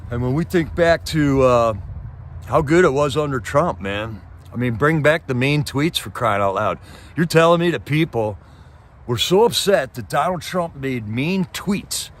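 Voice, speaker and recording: A man's voice: medium pitch, expressive, a little slow. Male livestream host, casual impassioned ranter, mid-range voice, faint noise in the background. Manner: impassioned, rhetorical questions, frequent "man" and "okay". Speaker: livestream host reading chat. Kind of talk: casual political rant.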